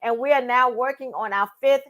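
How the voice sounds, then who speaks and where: A woman joins a live morning stream as a guest. She speaks eagerly and casually, full of yeses and fillers. Her voice sits somewhat high. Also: a little fast, a bit bright. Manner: eager, affirming, many fillers. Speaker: guest, sales director. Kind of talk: casual chat.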